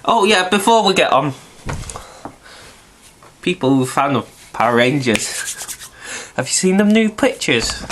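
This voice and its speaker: A man's voice: a little high, sing-song, unhurried, pauses often, fairly bright tone, slight background noise. A man, stuffy and nasal from hay fever, rambling chattily through a casual video review and swearing now and then.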